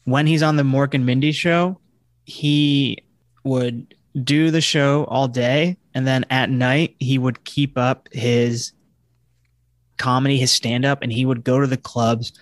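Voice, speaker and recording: A man's voice: mid-range voice, fairly even intonation, unhurried, dry recording. Guy cohosting a chill podcast, laughs a lot, pretty dry sound. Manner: laughs easily, self-deprecating. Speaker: podcast co-host. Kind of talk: casual chat.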